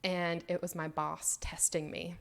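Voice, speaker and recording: A woman's voice: lowish voice, measured pace. A woman from Mississippi with a Southern accent, telling a story as a guest on a casual podcast chat. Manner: storytelling, relaxed and conversational.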